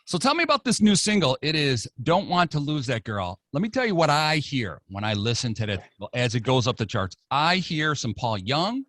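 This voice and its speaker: A man's voice: medium pitch, very animated, normal speed, hardly any pauses, fairly bright tone, no echo, studio quality. An American man hosting a radio talk show, interviewing a guest with jokey, playful banter. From United States. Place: radio studio.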